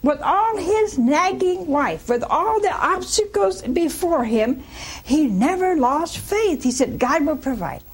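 A woman preacher giving a folksy, animated sermon, throwing rhetorical questions at her listeners. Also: very high voice, takes it slowly.

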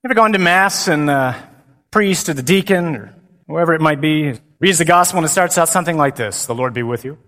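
Lively priest speaking in a big hall. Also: male voice, a little high, a little fast. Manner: dynamic, humorous, emphatic. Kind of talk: conference talk. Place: large hall. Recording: long hall reverb.

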